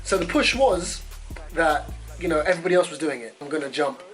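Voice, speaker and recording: A fairly high-voiced man vlogger tells a story straight to camera, animated and loose with swearing. He pokes fun at himself as he goes, with faint music running underneath. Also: brisk. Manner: animated, profane, self-mocking. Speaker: travel vlogger.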